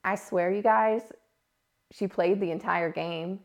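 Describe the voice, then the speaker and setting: A woman, hosting a casual podcast and telling family stories with lively, animated delivery. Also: fairly low pitch, slow. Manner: animated storytelling, acts out quotes loudly. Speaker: podcast host. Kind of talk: casual solo podcast talk.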